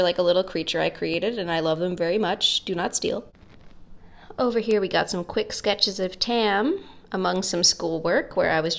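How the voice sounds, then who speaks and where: Young woman, slightly low voice, casual vlog talk, rambling, jokey, lots of fillers. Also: creaky. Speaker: art vlogger. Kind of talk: casual sketchbook walkthrough.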